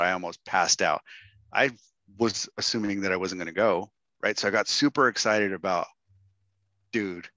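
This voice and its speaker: Middle-aged man, storyteller speaker; low, bright voice, animated quotes; dry, muffled call audio. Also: no echo. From Texas. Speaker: guest speaker. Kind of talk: storytelling talk to a workshop audience.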